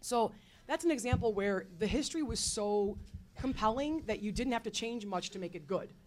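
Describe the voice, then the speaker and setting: A woman history teacher speaking on a faculty panel, telling her points in a lively, expressive way with casual fillers. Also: fairly high pitch, moderate pace, a little hiss or hum. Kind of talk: panel talk.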